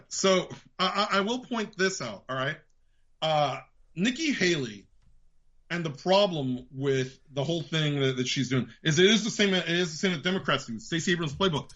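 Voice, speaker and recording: A man with a New York accent rants about politics as a podcast host, profane and heated. His voice sits fairly high and sounds tense and sharp. The recording is dull and lo-fi. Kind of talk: ranting political commentary.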